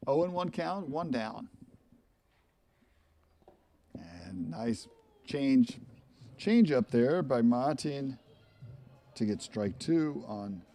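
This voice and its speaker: A man calling a live baseball game play-by-play, chatty and rambling into asides between pitches. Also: sing-song, very slow, long pauses, dark tone. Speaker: play-by-play commentator.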